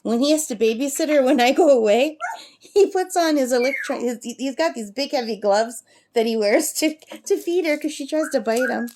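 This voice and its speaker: A woman's voice: high voice, normal speed, a little mellow, a little hiss or hum. A middle-aged woman chatting casually while crafting, reading out number codes and cooing at her pet bird. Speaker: craft vlogger. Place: campsite.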